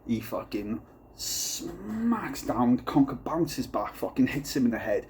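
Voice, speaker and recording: A man doing a casual comic vlog, rambling and swearing through a deadpan story while reviewing a beer. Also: medium pitch, a little slow, a little hiss or hum.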